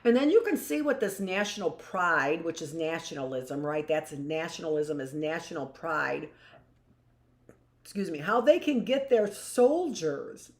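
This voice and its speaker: A woman teacher reading a history book aloud in a live class and breaking off for chatty asides that end in "right?". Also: mid-range voice. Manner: reads passages aloud, then adds conversational asides with "right?".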